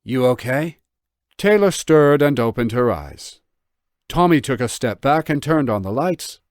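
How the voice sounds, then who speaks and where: Expressive male audiobook narrator. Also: mid-range voice, a little slow, no room sound, studio quality. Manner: expressive storytelling with voiced dialogue. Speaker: author and narrator.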